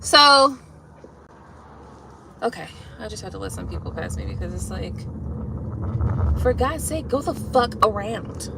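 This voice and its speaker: A woman chatting casually and venting in a car, profane and animated, with frequent laughs. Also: medium pitch, a little slow, pauses often, very noisy. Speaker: tarot reader vlogger. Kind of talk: casual venting chat while driving.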